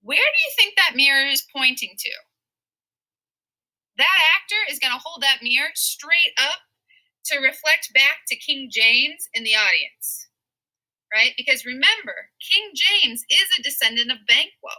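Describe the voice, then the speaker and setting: A woman's voice: sits high, a little slow, rough recording. A woman teaching a literature lesson in a casual, playful way, acting out lines in silly voices. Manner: lively, playful, acts out quotes in silly voices.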